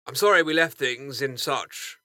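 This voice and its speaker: A performer playing a bumbling Victorian gentleman with a plummy, blustering manner. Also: mid-range voice, lively intonation, moderate pace, no room sound, clean studio sound. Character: bumbling Victorian gentleman, old school chum.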